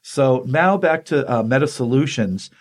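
Guy on a comics podcast recapping an issue, lots of ums and restarts, average pitch. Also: expressive, unhurried. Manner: rambling, many ums and restarts, acts out dialogue. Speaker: comic book podcast co-host. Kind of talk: casual chat, retelling a comic issue.

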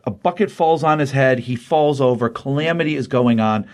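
A man's voice: mid-range voice, normal speed, darkish tone. A middle-aged man co-hosting a podcast, casually retelling comic plots in a chatty way with frequent fillers. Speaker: podcast co-host reviewing comics. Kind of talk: casual review chat.

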